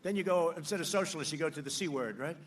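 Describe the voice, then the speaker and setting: A man giving a campaign rally speech at a podium microphone, mocking and repetitive, shouting lines out to the crowd. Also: a little high, quick pace, slight background noise. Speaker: politician addressing a rally crowd. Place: large outdoor rally.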